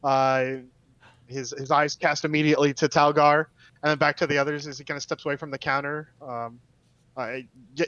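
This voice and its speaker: Male game master voice, a touch high, stop-start delivery, muffled close mic. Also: little pitch movement, fairly bright tone, dry recording. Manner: halting, many fillers and restarts. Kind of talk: narrating a tabletop game.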